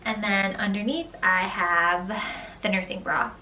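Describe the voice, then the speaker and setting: A woman's voice: mid-range voice, fairly even intonation, measured pace, pushed and bright. A young woman and new mother chatting casually about her outfits, with many "like" and "um" fillers. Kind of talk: casual outfit try-on chat. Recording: roomy echo, distant mic, faint room noise.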